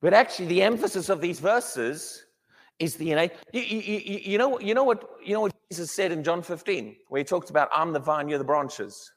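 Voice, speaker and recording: A man preaching a sermon, emphatic and animated, often restarting his words as he builds a point. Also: high-pitched, fairly quick, long reverb tail.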